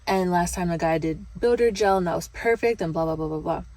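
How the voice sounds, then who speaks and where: A woman's voice: on the low side, brisk, dark tone, dry recording, poor audio. A young woman vlogger telling a casual, chatty story full of fillers and quoted back-and-forth.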